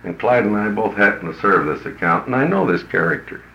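A business consultant with a lowish voice, lively intonation and fairly quick delivery tells an audience a story in a folksy, blunt, colloquial way. The recording sounds roomy, dull and lo-fi.

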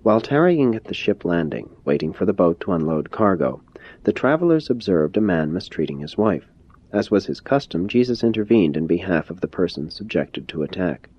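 A man narrates a scripted audiobook in a steady, formal manner. His voice is very deep and husky. The recording is muffled and lo-fi. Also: fairly quick. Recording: dull lo-fi recording.

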